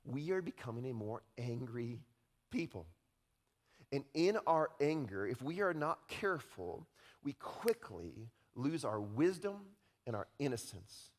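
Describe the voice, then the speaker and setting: A man preaching a sermon as pastor, speaking in a conversational, animated way and often checking in with the congregation. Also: medium pitch, a little slow. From Utah. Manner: conversational, animated, often tags lines with "right?".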